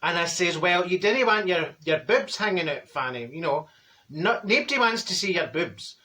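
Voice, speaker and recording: A man's voice: high voice, lively intonation, moderate pace, bright, forceful tone. Brief: middle-aged Glaswegian woman, man in drag voice, straight-talking gossip, blunt comic monologue. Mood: gossipy. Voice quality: chatty, blunt, gossipy storytelling. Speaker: comedy character monologue.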